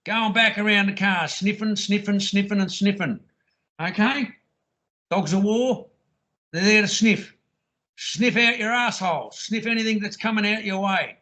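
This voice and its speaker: Man, slow, bright, crude. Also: high voice. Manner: mocks the officer's lines, crude and insistent. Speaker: caller recounting a police stop. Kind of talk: rambling call-in monologue.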